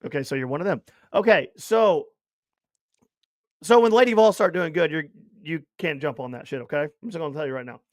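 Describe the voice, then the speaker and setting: A man co-hosting a sports podcast in casual chat, rambling and animated with loud bursts. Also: fairly high pitch, brisk, dry recording. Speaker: podcast co-host.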